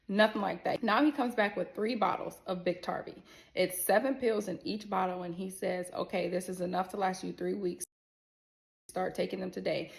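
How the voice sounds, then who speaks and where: A woman telling her own story to viewers in a casual, animated way, acting out the people she quotes and swearing freely. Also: mid-range voice, vocal fry. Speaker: storyteller sharing a personal health scare.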